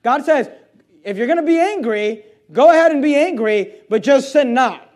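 A man, a pastor, preaching an impassioned and indignant sermon in a church, reading scripture and swinging between loud outbursts and low intensity. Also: animated, moderate pace. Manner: reads scripture aloud and answers imagined questions. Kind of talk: fiery sermon. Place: church sanctuary.

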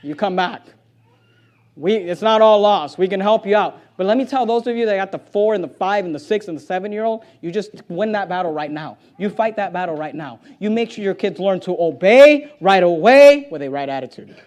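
A middle-aged pastor preaching a sermon in church, emphatic with sudden loud bursts. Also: male voice, high voice, expressive, a little fast.

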